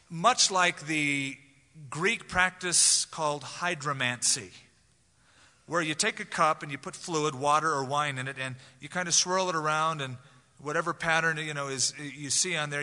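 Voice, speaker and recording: Bright-voiced preacher in a reverberant hall. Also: male voice, on the high side. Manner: animated storytelling with asides. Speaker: pastor. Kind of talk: expository sermon. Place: church sanctuary.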